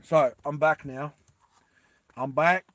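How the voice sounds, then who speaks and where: Animated rambling man telling a story. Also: a little high, slow, no echo. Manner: rambling, animated, many restarts. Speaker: streamer pitching a film story. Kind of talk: casual storytelling to a live chat.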